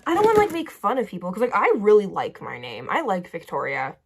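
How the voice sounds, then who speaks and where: Young woman, casual storytime vlog, rambling, filler-heavy, bedroom vanity, mid-range pitch. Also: wildly swooping pitch, quick pace, creaky, breathy edge. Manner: rambling, chatty, full of "like" fillers, drifts into tangents. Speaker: vlogger. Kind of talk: casual storytime chat while doing makeup. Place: bedroom vanity lit by a ring light.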